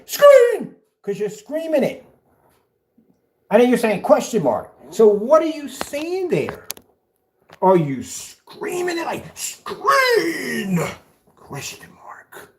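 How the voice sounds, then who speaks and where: A taunting man delivers a callout rant. His pitch swings up and down as he mocks, and he throws the other person's phrases back with scornful sarcasm. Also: a little mellow. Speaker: video blogger. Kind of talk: ranting callout video.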